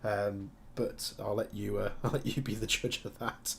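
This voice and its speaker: A man's voice: lowish voice, level tone, moderate pace, vocal fry, fairly bright tone, slight background noise. A man with a Birmingham accent, chatting casually on a live stream while he builds and answers viewer questions. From Birmingham, England. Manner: casual, chatty, explains as he works. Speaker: airsoft tech streamer.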